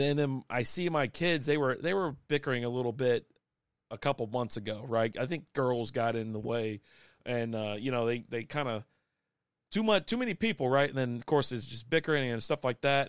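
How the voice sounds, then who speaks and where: A man's voice: mid-range voice, expressive, moderate pace, clean tone, no room sound, clean studio sound. A man, chatting casually and rambling with many restarts as a podcast host. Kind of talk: casual live-stream chat. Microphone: desk microphone.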